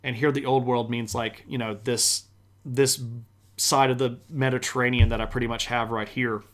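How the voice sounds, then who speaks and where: A man's voice: medium pitch, little pitch movement, normal speed. A man streaming a live history lecture, talking in a casual, enthusiastic way with plenty of slang.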